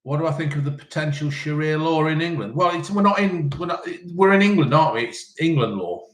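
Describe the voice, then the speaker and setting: A man's voice: on the high side, fairly quick, echoey room. A man in his fifties hosting a casual live chat. He reads out viewers' questions and answers them with blunt, sweary, cheeky banter. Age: 50s. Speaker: live-stream host reading chat questions.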